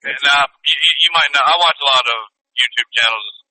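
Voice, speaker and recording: A man's voice: mid-range voice, fast, pushed and bright, no room sound, poor audio. A man co-hosting a podcast with an American accent, joking through casual banter in a playful, mock-serious way. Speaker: podcast co-host.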